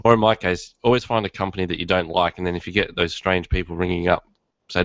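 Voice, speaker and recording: A man's voice: low-pitched, level tone, quick pace, dry recording. A man co-hosting a podcast in casual, joking chat while he has a cold. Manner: joking, rambling. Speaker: podcast co-host. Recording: dry, slightly muffled sound.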